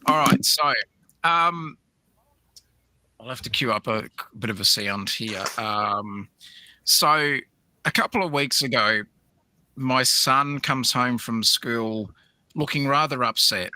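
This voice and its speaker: Bright-voiced dad telling a story. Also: male voice, medium pitch, slow pace, pauses often. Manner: rambling, laughing storyteller with many restarts. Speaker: livestream host. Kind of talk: casual storytelling chat.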